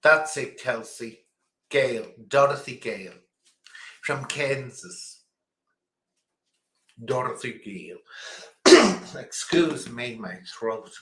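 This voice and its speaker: Rambly guy running a quiz, bright voice, echoey room. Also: medium pitch, takes it slowly, pauses often. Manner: chatty, rambling, chuckling asides. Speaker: quiz host. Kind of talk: casual live-stream quiz chat.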